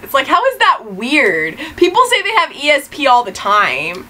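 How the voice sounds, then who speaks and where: A chatty woman co-hosts a relaxed TV episode review. Her voice swoops up and down a lot, and she giggles often. A faint hiss sits under the recording. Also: mid-range voice, a little fast, few pauses, poor audio. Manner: chatty, giggly, animated retellings. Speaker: podcast co-host. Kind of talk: casual TV episode review chat.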